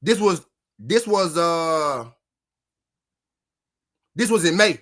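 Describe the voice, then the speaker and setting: A man with a somewhat high, fairly bright voice hosts a boxing commentary channel, speaking slowly but animatedly. Addressing viewers directly, he rants casually and heatedly, swearing and repeating himself in this reaction rant.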